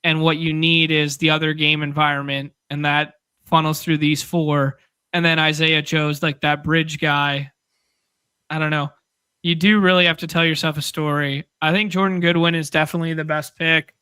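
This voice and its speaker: A man's voice: fairly high pitch, little pitch movement, normal speed, pushed and bright, smooth, no room sound. A man co-hosting a podcast, casually chatting through fantasy sports picks and thinking aloud. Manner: rambling, restarts while thinking aloud. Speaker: podcast co-host.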